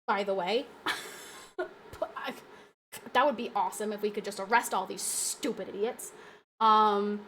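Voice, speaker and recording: A woman's voice: fairly high pitch, a bit bright, a little hiss or hum. A woman hosting a live stream, talking casually and emphatically with viewers, laughing often and restarting her sentences. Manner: chatty, full of restarts and asides to chat. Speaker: livestream host.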